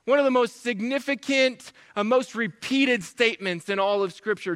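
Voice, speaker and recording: A man preaching a sermon, animated, acting out complaints in a whiny voice. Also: high-pitched, normal speed, clear, resonant tone, in a large hall. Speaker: pastor.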